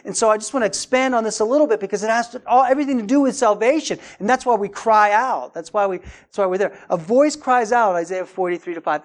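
A man's voice: high-pitched, fast, hardly any pauses. A man preaching with urgency and emphasis. He repeats key words, checks in with his listeners, and drives his points home as he goes. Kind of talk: sermon.

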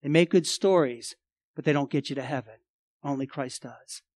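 A male pastor preaching a sermon, emphatic, swinging between loud and quiet and repeating phrases. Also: fairly high pitch, normal speed, no room sound.

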